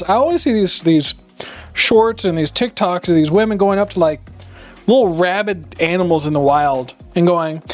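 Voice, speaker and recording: A man with a high, animated voice talks briskly while live-streaming himself cooking in his home kitchen. His casual chat rambles and leans sarcastic, with faint music in the background.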